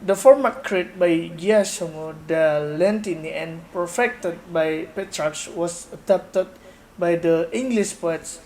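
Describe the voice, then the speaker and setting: Young student reading class notes real slow, mid pitch, light hiss. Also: a little mellow, low-quality recording. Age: young adult. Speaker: student presenter.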